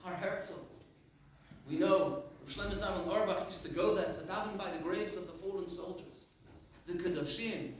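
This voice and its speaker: A man's voice: high voice, moderate pace, a little hiss or hum. A man, a rabbi, giving a sermon and telling stories with emphatic, reflective delivery. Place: large synagogue hall. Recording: echoey synagogue from far off.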